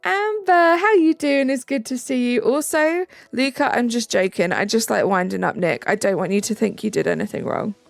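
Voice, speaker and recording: A woman's voice: on the high side, lively intonation, normal speed, vocal fry, hardly any pauses, dry recording. A British woman hosting a live stream in casual chat, reading out and answering viewers' messages. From Britain. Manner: chatty, reads out and answers chat, thanks viewers. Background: faint background music.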